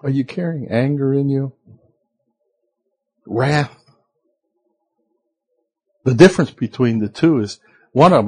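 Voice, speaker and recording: A man's voice: medium pitch, normal speed, pauses often, darkish tone, breathy edge. A man preaching a conversational sermon as pastor, asking the listeners rhetorical questions.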